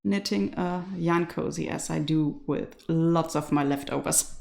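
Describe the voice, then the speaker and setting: Slow, easygoing woman with German accent. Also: sits low, creaky, darkish tone. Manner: chatty, laughs often, reads viewer comments aloud. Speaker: knitting live stream host. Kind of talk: casual live stream chat. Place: home in rural west Ireland.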